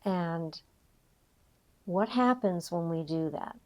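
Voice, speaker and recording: An older woman coaching an emotional tapping session, reflective and gently guiding, with frequent pauses. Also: lowish voice. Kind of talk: guided tapping session talk.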